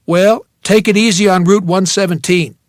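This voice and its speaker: A man's voice: sits high, fairly even intonation, moderate pace, no echo, studio quality, voice pushed up, lightly acted. A man doing a folksy Maine shopkeeper. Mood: jovial. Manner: folksy, jovial. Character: genial middle-aged male shopkeeper, easy grin.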